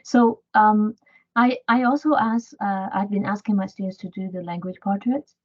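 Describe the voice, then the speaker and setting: A woman in a webinar puts a question to the presenter, hesitant and full of small fillers. Her voice sits at a middle pitch. It comes through dull, lo-fi video call audio. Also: steady tone, normal speed, darkish tone. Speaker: webinar participant asking a question.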